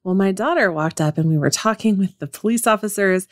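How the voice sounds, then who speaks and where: A woman's voice: medium pitch, a little fast, dry recording. Upbeat chatty woman podcast host, dry sound. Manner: upbeat and chatty, addressing listeners directly. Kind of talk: solo podcast monologue.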